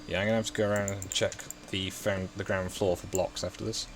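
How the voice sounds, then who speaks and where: A man's voice: sits low, flat delivery, a little fast, background noise. A man from the West Midlands with a Midlands accent, casually chatting and thinking aloud while he builds in a game, often poking fun at himself. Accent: English Midlands. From England, West Midlands. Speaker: gaming video host. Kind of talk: casual gameplay chat.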